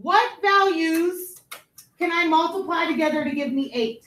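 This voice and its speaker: High-voiced, slow-talking woman teaching math. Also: fairly bright tone, slight background noise, low-quality recording. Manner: patient, explains step by step, checks in with "okay". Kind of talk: classroom lecture to students. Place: classroom.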